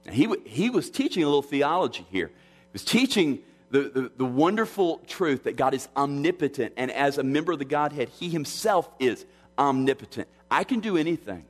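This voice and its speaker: A pastor preaching an expository sermon, measured and earnest, often restarting his phrases. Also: medium pitch, animated. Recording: long hall reverb.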